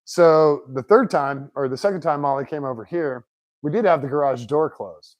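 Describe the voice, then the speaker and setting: A man's voice: on the high side, normal speed, no room sound. Chatty man telling garage stories. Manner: chatty, animated anecdotes with put-on quotes. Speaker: shop owner, car builder. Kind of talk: casual storytelling. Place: home garage shop.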